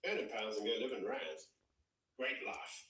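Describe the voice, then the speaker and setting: A man speaking as a guest on a livestream, explaining things in a lively way. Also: on the low side, normal speed. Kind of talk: remote stream discussion. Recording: roomy, distant call audio.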